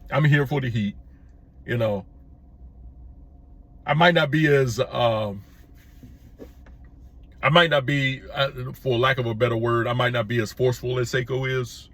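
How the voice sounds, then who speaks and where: Emphatic plain-spoken middle-aged man. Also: a bit bright. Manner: emphatic, repeats his points, rises sharply in pitch when pressing a point; plain-spoken, addresses viewers as folks. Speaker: commentary vlogger. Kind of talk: opinion commentary monologue.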